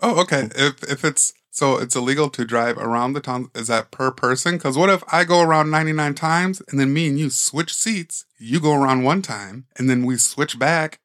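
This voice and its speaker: A man's voice: medium pitch, normal speed, hardly any pauses, fairly bright tone. A man co-hosting a casual podcast, playful and full of follow-up questions. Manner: laughs easily, playful, asks follow-up questions. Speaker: podcast co-host.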